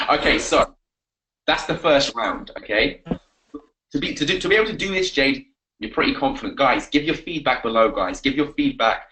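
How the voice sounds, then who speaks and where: A man coaching on a live webinar, energetic and repetitive, giving pep talks. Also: medium pitch, moderate pace, pauses often, low-quality recording. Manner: energetic, pep-talking, repeats himself. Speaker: confidence coach.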